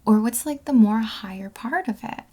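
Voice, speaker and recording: A woman's voice: fairly high pitch, normal speed, warm tone. A woman giving a casual tarot reading, rambling with many fillers and self-corrections, sometimes dropping into a whisper. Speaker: tarot card reader.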